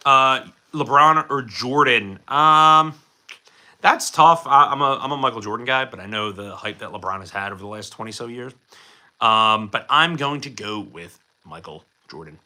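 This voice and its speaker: Young male streamer, very bright tone, casual rambling chat answering viewers. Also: mid-range voice, animated, normal speed. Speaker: streamer showing his collection.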